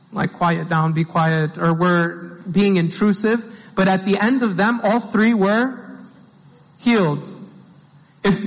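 High-voiced man preaching in an echoing hall. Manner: earnest, asks the listeners rhetorical questions. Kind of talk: informal sermon. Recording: long hall reverb.

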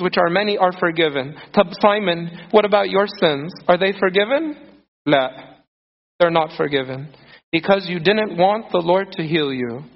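A man's voice: high voice, vocal fry. A man preaching a sermon earnestly, acting out scripture quotes with feeling. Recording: muffled sound in a reverberant hall.

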